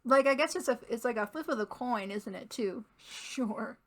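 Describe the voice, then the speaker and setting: A woman's voice: fairly high pitch, moderate pace. A young adult woman hosting a gaming channel, giving casual, rambling let's-play commentary and laughing often.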